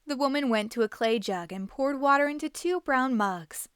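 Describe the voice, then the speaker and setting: A woman hosting a reading show, reading a children's book aloud in an expressive, animated way. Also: high-pitched, normal speed, clear, resonant tone, no room sound, clean studio sound. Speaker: host and storybook reader.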